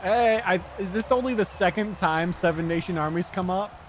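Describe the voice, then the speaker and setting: A man's voice: high-pitched, normal speed, a little hiss or hum. A man streaming live, chatting casually, rambling and swearing as he answers his chat.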